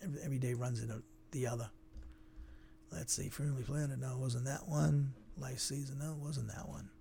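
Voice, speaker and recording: A man leads a casual Bible lesson in a conversational, digressive way. His voice sits at an ordinary pitch with a noticeable gravelly fry. He thinks aloud as he teaches. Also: fairly even intonation, fairly quick, dark tone, slight background noise.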